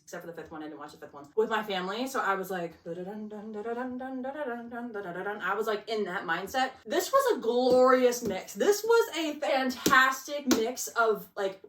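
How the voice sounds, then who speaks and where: A woman's voice: on the high side, fairly bright tone, far from the mic. A young woman chatting about her book picks, gushing and casual, filling her talk with likes and laughs. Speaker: book vlogger. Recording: echoey room, off-mic.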